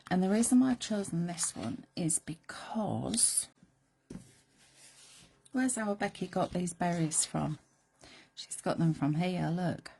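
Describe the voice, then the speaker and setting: A middle-aged woman presenting a live craft demonstration, chatty and playful, sometimes dropping to soft whispered asides as she works. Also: lowish voice, vocal fry, slight background noise. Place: craft studio.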